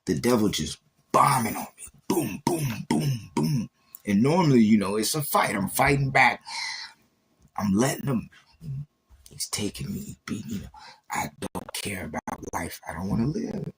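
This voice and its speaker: A man's voice: lowish voice, animated, normal speed, fairly bright tone, a little hiss or hum. A man on a livestream giving an intense, emotional faith testimony, repeating himself and acting out quoted exchanges.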